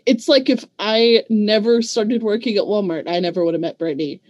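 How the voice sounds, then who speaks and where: A woman co-hosting a casual book discussion, reflective and given to long, drawn-out explanations. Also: medium pitch, a little mellow, no room sound, muffled recording. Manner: reflective, talks at length, drawn-out phrasing. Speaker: book club co-host.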